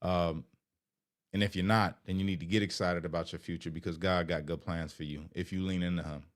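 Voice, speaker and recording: A man's voice: low voice, fairly even intonation, brisk. A middle-aged man, a vlogger, talking in an earnest, emotional, rambling way to his viewers, often saying "you know". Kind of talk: heartfelt casual talk to viewers.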